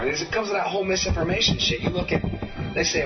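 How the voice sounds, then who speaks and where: A man's voice: fairly high pitch, quick pace, dull audio, music in the background. Fired-up swearing man on a radio show. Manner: heated, swearing, builds to shouting. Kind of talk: profane comedic rant.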